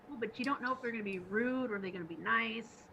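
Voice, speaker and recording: Bright, laughing woman telling stories. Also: on the high side, fast, vocal fry, muffled recording, slight background noise. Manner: laughs often, animated retelling with put-on quotes. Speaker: podcast co-host. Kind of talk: casual storytelling chat.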